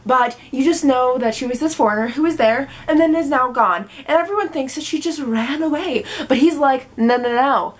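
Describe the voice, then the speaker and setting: A young woman in her twenties talks to the camera in a high, bright voice. She is bubbly and playful, and now and then she slips into silly voices. It feels like a casual chat filmed at home. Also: normal speed, hardly any pauses. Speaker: book vlogger.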